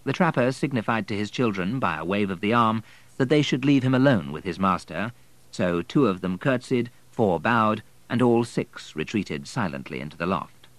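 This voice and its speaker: A man narrating an audiobook in an expressive, measured storytelling manner. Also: lowish voice, dry recording, rough recording.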